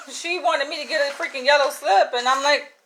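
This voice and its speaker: A woman vlogger telling a casual story in an animated, exasperated way, peppered with slangy "yo". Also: high voice, normal speed, slight background noise, rough recording.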